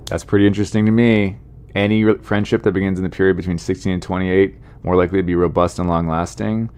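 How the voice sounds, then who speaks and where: A comedian hosts his own podcast in a loose, rambling monologue. His voice sits very low, and he keeps poking fun at himself while tossing asides to the listeners. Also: fairly even intonation, fast talker, a little mellow, a little hiss or hum. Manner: rambling, self-deprecating, chatty asides to listeners.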